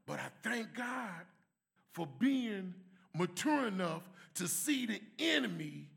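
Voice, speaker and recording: A man giving an emphatic church testimony and prayer, swinging from shouts to soft prayer. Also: sits high, sing-song, takes it slowly, creaky.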